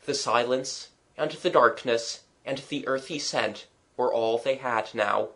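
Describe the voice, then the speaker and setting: A narrator reading a children's audiobook in slow, expressive storytelling. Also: mid-range voice. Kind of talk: scripted narration of a children's book.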